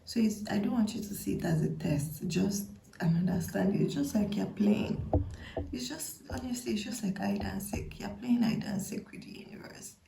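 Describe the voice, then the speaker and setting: A woman giving a tarot reading to camera in a playful, chatty way, often dropping into a breathy half-whisper. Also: medium pitch, moderate pace, dark tone, reverberant, poor audio. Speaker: tarot reader.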